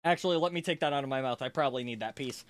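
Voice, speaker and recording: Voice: medium pitch, racing, dry recording. A streamer chatting casually and playfully during a live build, swearing freely and rambling to the audience. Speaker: livestreamer. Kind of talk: casual livestream chat while building.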